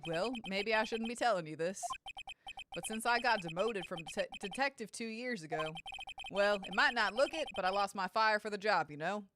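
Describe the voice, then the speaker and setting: A woman's voice: medium pitch, lively intonation, moderate pace, noisy background, natural voice. A woman doing a drawling Texan cowboy guard. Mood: glum. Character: laid-back male cowboy security guard, older. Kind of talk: reading game dialogue aloud. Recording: game music underneath. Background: game music.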